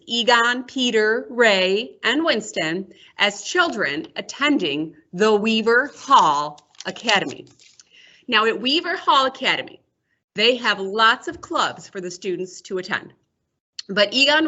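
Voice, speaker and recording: Librarian woman, unhurried dramatic read-aloud delivery, crisp bright voice. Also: mid-range voice, muffled recording. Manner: slow, expressive storytelling. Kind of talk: picture book review with read-aloud summary.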